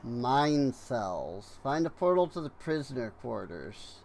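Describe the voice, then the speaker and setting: Slow, rambling tired-sounding man gaming. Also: mid-range voice, sing-song, creaky, darkish tone, a little hiss or hum. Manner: rambling, unhurried, many fillers and trailing thoughts. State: yawning, tired. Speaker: gaming streamer. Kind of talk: casual let's-play commentary.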